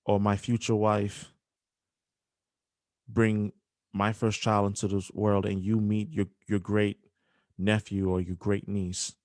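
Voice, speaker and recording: A young man hosting a podcast, speaking emotionally with halting restarts and apologies. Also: on the low side, flat delivery, darkish tone, no room sound, clean studio sound. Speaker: podcast host. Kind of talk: emotional podcast dedication and interview.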